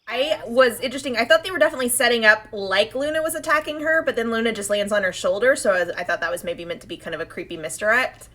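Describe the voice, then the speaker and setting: Woman, podcast co-host, bright clear tone, casual recap, plays out quoted lines. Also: on the high side. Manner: animated, acts out characters' lines in quick quotes. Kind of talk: casual chat recapping an episode.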